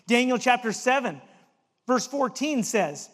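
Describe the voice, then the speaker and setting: A man's voice: sits high, expressive, moderate pace, fairly bright tone, long reverb tail. A male preacher giving an emphatic sermon and reading scripture aloud.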